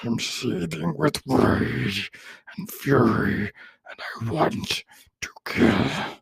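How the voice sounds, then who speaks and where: A man voicing a furious male monster that wants to kill, in a slow, hoarse whisper. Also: medium pitch, expressive, full character voice. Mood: seething.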